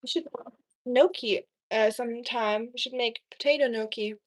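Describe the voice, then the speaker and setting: With a voice on the high side and a moderate pace, a young woman from Germany hosts a casual cooking stream. She's chatty, reads the chat out loud and uses frequent ums.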